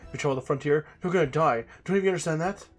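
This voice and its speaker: A man's voice: fairly high pitch, racing, faint music behind, lightly acted. Man as brooding young male warrior, grim and warning.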